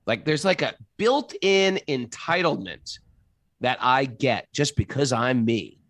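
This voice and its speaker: Gravelly guy co-hosting a spiritual chat, lively, reads verses out, dry close mic. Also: slow, no room sound. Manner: animated, jumps into high mock voices for quoted catchphrases. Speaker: podcast co-host reading scripture. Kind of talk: animated spiritual discussion.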